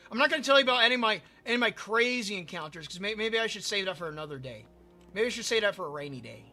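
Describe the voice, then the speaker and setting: A man's voice: high voice, pushed and bright. A man streaming a building game and telling a rambling story, often repeating himself and tripping over his words. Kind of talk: casual storytelling while gaming.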